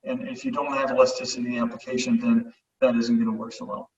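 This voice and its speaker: A man answering webinar questions as a panelist, halting, with frequent fillers and restarts. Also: mid-range voice, flat delivery, a little mellow, husky. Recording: distant, muffled remote audio.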